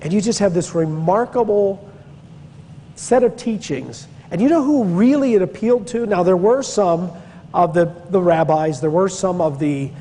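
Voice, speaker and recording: A man's voice: sits high, normal speed, dark tone, in a large hall, a little hiss or hum. A man from Pennsylvania teaching church history in a conversational lecture, digressing and stressing key words. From Pennsylvania, USA. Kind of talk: classroom-style Bible lecture.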